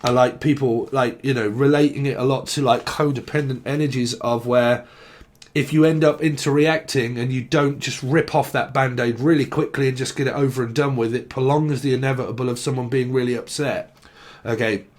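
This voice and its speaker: A man's voice: medium pitch, fairly even intonation, fairly quick, darkish tone. Man, tarot reader, rambling solo monologue, lots of fillers. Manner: rambling, heavy on fillers, acts out quoted messages.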